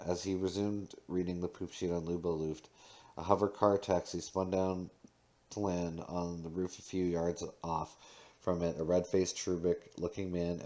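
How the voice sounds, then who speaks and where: Guy with a really low voice reading a book out loud, stumbles and restarts sometimes. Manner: reads with small slips and restarts. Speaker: audiobook reader. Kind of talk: read-aloud narration of a novel.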